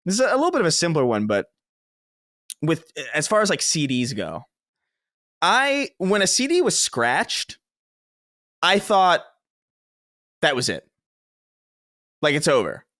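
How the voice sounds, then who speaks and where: A man from the Bronx chats on a podcast in a somewhat high voice, recorded close and dry. He tells long, rambling stories about himself, poking fun at his own mistakes and cursing freely. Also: wildly swooping pitch, measured pace, long pauses, fairly bright tone, no room sound. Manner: rambling, self-mocking storyteller who swears freely. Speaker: podcast guest. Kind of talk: casual podcast chat.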